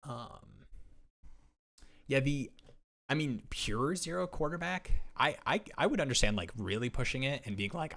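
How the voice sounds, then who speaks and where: A young man chatting casually on a live stream as he drafts fantasy football, excitable and rambling, often restarting his sentences. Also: medium pitch, normal speed, vocal fry. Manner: excitable, rambling, self-interrupting.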